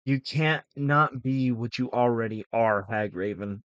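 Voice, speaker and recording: A man's voice: mid-range voice, unhurried, lo-fi sound, noisy background. A man giving casual reaction commentary on a stream, blunt and mocking, laughing often.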